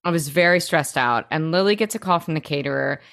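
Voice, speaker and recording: A woman with a low voice talks through a TV episode in loose, casual chat. She swears often and jumps into quoted lines of dialogue. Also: fairly quick, gravelly. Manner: animated, swears freely, acts out quotes. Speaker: podcast co-host.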